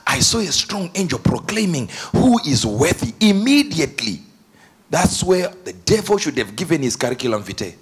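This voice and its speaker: A man preaching an energetic sermon, animated, laughing often and breaking into shouts. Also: on the high side, normal speed, husky.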